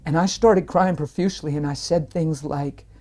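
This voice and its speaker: A man telling his personal faith testimony in an interview, earnest and animated, rising with strong feeling as he tells it. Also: on the high side, moderate pace.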